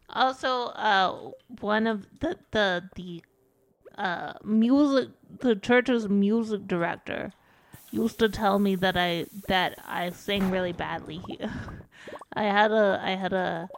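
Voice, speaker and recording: A woman streamer chatting casually while gaming, rambling and self-deprecating, often restarting her sentences. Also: mid-range voice. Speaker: VTuber streamer. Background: faint background music.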